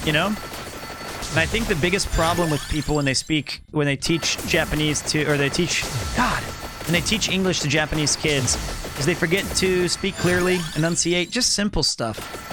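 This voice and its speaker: A fairly high-pitched man talks through his gameplay in a loose, joking, rambling way. Clear game music plays under his voice the whole time. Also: normal speed. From Kansas City, US. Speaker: streamer. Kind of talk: casual gameplay commentary.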